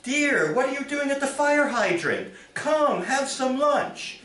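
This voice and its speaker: A man voicing a fussy suburban housewife, in a high nagging falsetto, at a live poetry reading in a theater. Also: sing-song, takes it slowly, pushed and bright, heavily acted. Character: fussy suburban housewife calling her husband. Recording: roomy theater, from far off.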